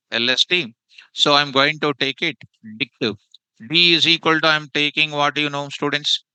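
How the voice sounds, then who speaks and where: A man leads a classroom lesson, constantly repeating himself and tossing "what?" questions at his students. His voice is sharply bright and clean-edged. The sound is dry and close. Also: fairly high pitch, smooth, no room sound, low-quality recording. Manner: repeats phrases and quizzes students with "what?" prompts. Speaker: programming teacher. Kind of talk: live classroom lecture.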